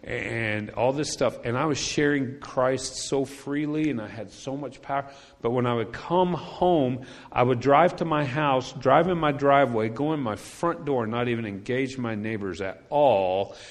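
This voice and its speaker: A man's voice: medium pitch, unhurried, hardly any pauses. A man preaching a sermon as a pastor, telling a personal story in a chatty way and repeating his key points for emphasis. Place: church sanctuary. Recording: long church hall reverb.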